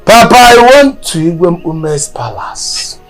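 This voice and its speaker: A man plays a young Nigerian son in a screen drama, his voice leaping all over as he tells a tale of escape in breathless bursts. He swings from hushed words to shouts. Faint music plays underneath. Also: fairly high pitch, very animated, slow. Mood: frantic. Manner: frantic, breathless storytelling with shouts. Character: young man who fled execution.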